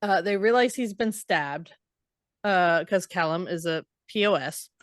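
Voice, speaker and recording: A woman's voice: on the low side, a little slow, no echo, studio quality. A woman co-hosting a podcast, casually retelling a book's chapters in a chatty, loose way with lots of fillers. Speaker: podcast co-host. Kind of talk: casual book recap.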